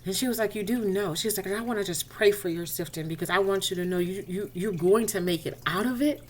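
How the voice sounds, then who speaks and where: Woman, inspirational speaker, mid-pitched, chatty personal faith testimony. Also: quick pace, darkish tone. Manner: conversational, addresses listeners directly; retells dialogue expressively.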